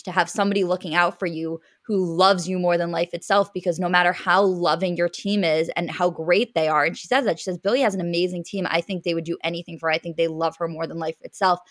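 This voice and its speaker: A woman co-hosting a podcast in casual chat, talking in quick, chatty bursts with many fillers. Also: on the low side, fairly bright tone, no echo, studio quality. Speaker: podcast co-host.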